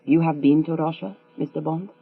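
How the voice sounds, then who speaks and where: A woman's voice: deep voice, fairly even intonation, brisk, breathy edge, dry recording, soft background music. A woman reading an audiobook, voicing a seductive Russian femme fatale with a teasing, coolly mocking manner. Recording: tinny, phone-like with mains hum.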